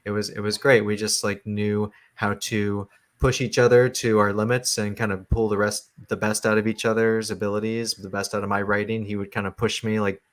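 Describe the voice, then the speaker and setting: Man, low voice, flat intonation, halting, filler-heavy, interview guest. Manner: halting, many fillers and restarts. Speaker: comic book writer, guest. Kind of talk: casual interview talk.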